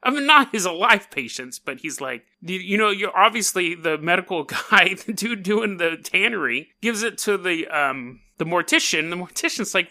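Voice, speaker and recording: A man's voice: sits high, expressive, normal speed, hardly any pauses, sharp tone. A man hosting a podcast in casual talk, joking and chuckling through his asides. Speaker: podcast host.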